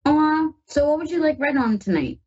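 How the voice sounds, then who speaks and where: A woman's voice: high voice, lively intonation, moderate pace, a little mellow, lo-fi sound. A woman from the northern United States hosting a live call-in psychic radio show, chatty and reassuring as she reads tarot and talks to her listeners.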